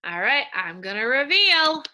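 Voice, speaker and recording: A woman teacher giving a slow, coaxing reading lesson to young children, sounding out words in a sing-song way. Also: high voice, sing-song, sharp tone.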